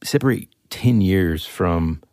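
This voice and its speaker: A man's voice: low-pitched, slow pace, a little mellow, no echo, clean studio sound. A man co-hosting a podcast, chatting casually and animatedly about a true-crime story, rambling and joking. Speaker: podcast co-host.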